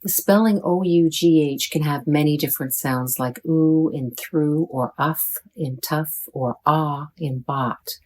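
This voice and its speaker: Slow, low-voiced woman teaching pronunciation. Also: darkish tone. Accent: American. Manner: deliberate, modeling sounds for learners. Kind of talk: slow, careful pronunciation lesson.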